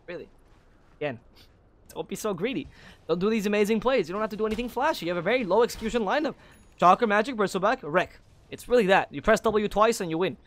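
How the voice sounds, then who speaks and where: Fast-talking opinionated male game caster. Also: high voice, lively intonation, a bit bright. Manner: opinionated, drifts into critical rants; frequent self-corrections and repeated words. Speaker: esports caster. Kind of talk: solo play-by-play commentary.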